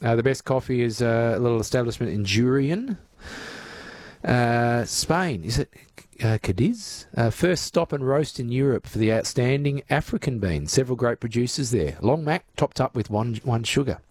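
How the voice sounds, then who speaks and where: A man's voice: medium pitch, animated, moderate pace, a little mellow, no echo. Aussie radio host guy, chatty, takes calls, reads out messages, dry close studio mic. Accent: Australian. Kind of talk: talkback radio hosting.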